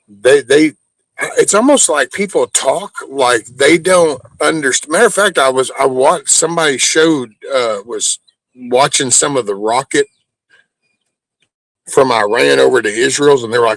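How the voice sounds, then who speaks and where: A man's voice: medium pitch, a little slow, a bit bright, dry recording. A man hosting a livestream, ranting bluntly and profanely in a casual way. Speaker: livestream host.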